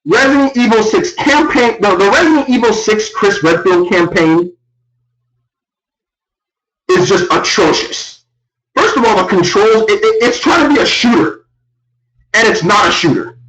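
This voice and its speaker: A young man ranting loudly and in exasperation on a live gaming stream. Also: unhurried, long pauses. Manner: loud, exasperated ranting with big pitch swings. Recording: echoey room, far from the mic.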